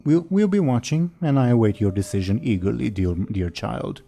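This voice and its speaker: A man voicing a patient, condescending deity who speaks slowly and grandly. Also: medium pitch, expressive, gravelly, dark tone, a little hiss or hum. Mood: ominous.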